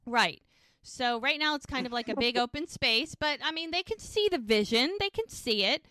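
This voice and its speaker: A woman's voice: sits high, animated, moderate pace, pushed and bright, dry recording. A woman co-hosting a podcast, casually retelling TV scenes and quoting the characters' lines. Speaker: podcast co-host recapping episodes. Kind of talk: casual recap chat.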